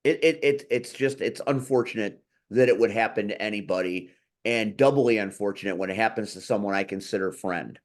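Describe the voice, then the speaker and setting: A man hosting a casual talk show, blunt and quick to swear when he gets heated. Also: fairly low pitch. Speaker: podcast host. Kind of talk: casual chat.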